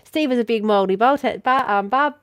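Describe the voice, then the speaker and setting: With a voice on the high side and a brisk delivery, an Australian woman hosts a casual podcast chat. Her storytelling is animated, packed with swearing and laughter, and the recording has no echo.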